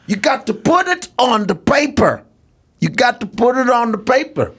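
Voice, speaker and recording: A man doing an impression of an older male comedy legend, a cigar-smoking mentor who lectures a newcomer in a high, drawn-out voice. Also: very animated, a bit bright, husky, full character voice. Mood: preachy drawl. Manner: high drawling impression with stretched words.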